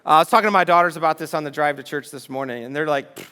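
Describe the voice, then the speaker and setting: A man's voice: fairly high pitch, racing, bright, forceful tone, clear, resonant tone. A middle-aged man preaching a sermon in church, talking conversationally and asking the audience rhetorical questions. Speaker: pastor.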